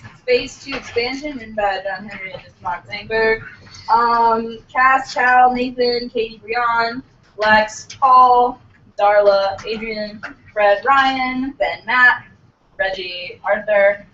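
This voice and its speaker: Brisk woman reading stage directions. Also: on the high side, fairly even intonation, sharp tone. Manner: brisk, giggly between lines. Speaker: script reader for the stage directions. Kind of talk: table read narration and casual chat. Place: room during a cast read-through. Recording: distant roomy lo-fi recording with noise.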